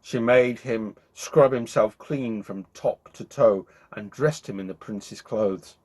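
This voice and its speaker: A man hosting his own show, reading a children's bedtime story aloud in an expressive, animated way. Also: lowish voice, slow pace. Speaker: storyteller host.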